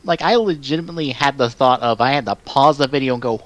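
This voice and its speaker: A man hosting a live stream in casual chat, rambling with lots of filler words and swearing, and breaking into loud exasperated outbursts. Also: medium pitch, fast talker, hardly any pauses, no room sound. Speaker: stream host.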